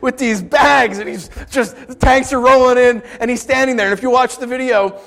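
A man in his thirties preaches to his congregation, his voice sitting high for a man. He tells stories animatedly, firing rhetorical questions and breaking into sudden shouts. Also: normal speed, vocal fry. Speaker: pastor. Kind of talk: sermon.

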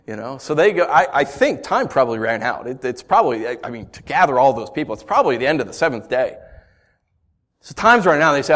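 A man preaching a sermon, animated and acting out the story in voices. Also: a little high, a little fast. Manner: animated, acts out the scenes in voices. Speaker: pastor.

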